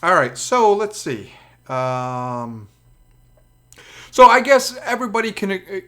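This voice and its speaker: A man's voice: high-pitched, sing-song, slow, pushed and bright. A man with a Brooklyn accent, talking casually as a channel host, rambling with lots of fillers and crude swearing. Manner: crude, profane, chatty with many fillers.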